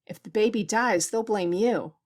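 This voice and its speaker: A woman's voice: medium pitch, normal speed, close to an everyday voice. A woman reading the lines of a dutiful chief nurse who speaks earnestly and respectfully.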